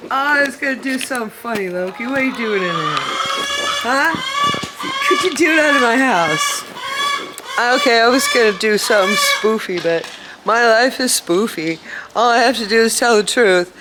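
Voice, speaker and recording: The recording is very noisy, and her voice is fairly high-pitched at a normal speed. In a laid-back vlog shot around a trailer in a barn, she talks to the camera about farm life, laughs often, and coos at her chickens.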